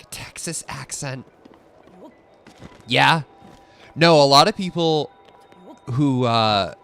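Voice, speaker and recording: A young man chatting casually and giggling while he streams a game. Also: a little high. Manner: animated, giggly and rambling. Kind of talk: casual chat while gaming.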